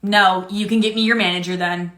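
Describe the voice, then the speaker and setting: A woman's voice: mid-range voice, fairly even intonation, brisk, fairly bright tone, close to an everyday voice. A woman playing an entitled, condescending customer in a comedy skit, demanding and indignant. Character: entitled rude middle-aged woman customer. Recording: roomy echo.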